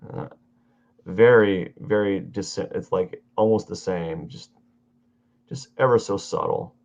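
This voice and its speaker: A tired, yawning man chatting casually while he draws on a live stream, rambling and halting with many fillers. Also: low-pitched, vocal fry, darkish tone, dull audio. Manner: meandering, halting, self-talk with fillers. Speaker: artist streaming his drawing.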